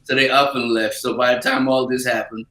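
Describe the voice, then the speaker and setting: A man's voice: mid-range voice, fairly quick. A man casually telling a funny story as a podcast host, chuckling often as he goes. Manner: animated anecdote teller who chuckles often. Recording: roomy echo.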